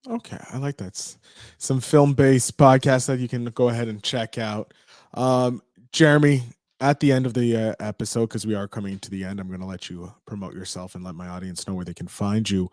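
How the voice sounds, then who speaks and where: A man's voice: lowish voice, fairly even intonation, fairly quick, darkish tone, dry recording, studio quality. A man hosting a podcast who interviews a guest in an upbeat, encouraging way over a video call. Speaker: podcast host.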